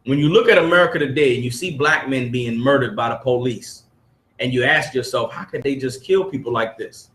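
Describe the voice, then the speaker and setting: A man's voice: mid-range voice, a little fast, a bit bright. Emphatic man teaching in an echoey room. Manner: emphatic, fires rhetorical questions at listeners. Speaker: study group teacher. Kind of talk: preachy lesson, reading aloud and expounding. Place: room with a group of listeners.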